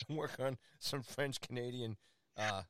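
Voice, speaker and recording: A man's voice: mid-range voice, measured pace, a bit bright, no room sound. A man co-hosting sports talk radio from a studio, teasing his partner in casual banter. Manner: teasing, jokey. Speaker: radio co-host. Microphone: studio microphone with headphones.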